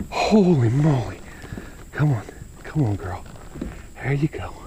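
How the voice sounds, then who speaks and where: A man's voice: medium pitch, takes it slowly, background noise. A man vlogging as he fishes outdoors on the water, exclaiming and talking straight to his viewers. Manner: excitable, exclaiming, talks to viewers. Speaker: fishing vlogger. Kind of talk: casual talk to camera while fishing.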